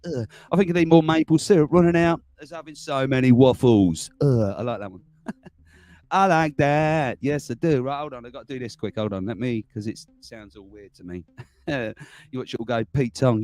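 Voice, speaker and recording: A middle-aged man runs a relaxed home livestream, chuckling a lot, wandering between topics and calling out chat viewers by name. His mid-range voice is darkish, lively in intonation and a little fast, with no room sound and faint background music.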